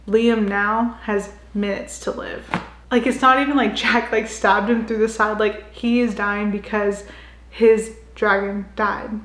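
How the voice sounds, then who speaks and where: Young woman, casual book recapper, chatty, filler-heavy, mid-pitch, echoey room.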